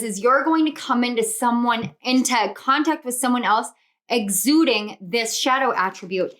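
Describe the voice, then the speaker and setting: A young woman doing a pick-a-card tarot reading, gushing and exclamatory as she speaks to her viewers. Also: a little high. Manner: gushing, excitable, spiritual, exclamatory. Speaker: tarot reader.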